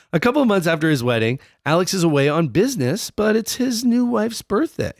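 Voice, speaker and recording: Young male podcast co-host with a slightly high voice, dry close sound, swearing and joking as he tells the story. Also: very animated, brisk, no echo. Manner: profane, jokey, puts on silly voices. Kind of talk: comedic history podcast storytelling.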